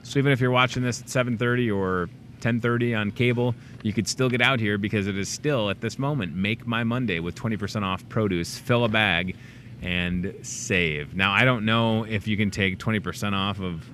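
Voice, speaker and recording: A man hosting a local in-store talk show, chatting casually and rambling through plugs, jokes and shout-outs. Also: on the low side, steady tone, moderate pace, a little hiss or hum. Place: grocery store.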